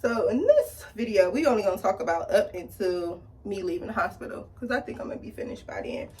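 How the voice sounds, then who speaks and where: A woman's voice: fast, recorded from a distance. A woman telling a story animatedly while doing her makeup, acting out the people in it. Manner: animated, acts out quoted people with big pitch jumps. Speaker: beauty vlogger.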